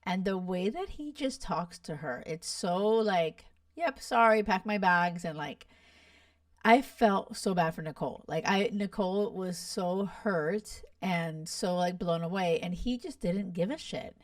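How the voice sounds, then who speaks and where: A young woman hosting a podcast, chatting in an animated, gossipy and blunt way with lots of swearing. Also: on the low side, a little slow, dry recording, clean studio sound, far from the mic. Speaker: podcast host. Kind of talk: casual chat reacting to a reality show.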